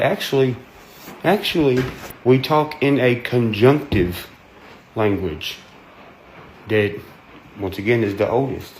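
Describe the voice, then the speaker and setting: Southern man, mid-pitched, blunt folksy monologue, steady noise behind. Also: slow, long pauses, rough recording. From American South. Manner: blunt, folksy, plain-spoken. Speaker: host. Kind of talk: casual monologue.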